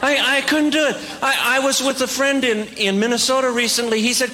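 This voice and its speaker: A man doing stand-up comedy, telling self-deprecating stories in an animated way and acting out the dialogue. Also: very high-pitched, a little fast, some chatter behind.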